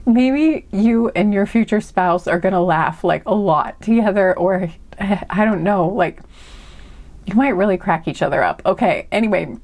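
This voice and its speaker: A woman's voice: mid-range voice, measured pace, a little mellow. Chatty woman doing a card reading. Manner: chatty, lots of fillers like "um" and "like"; giggly, laughing fits. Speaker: tarot reader. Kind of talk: casual spoken card reading.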